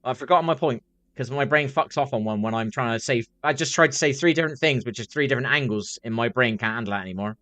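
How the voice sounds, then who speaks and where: A man's voice: medium pitch, fast talker, a bit bright, no room sound. A man chatting casually on a live stream, rambling, swearing freely and repeating himself as he reacts to chat.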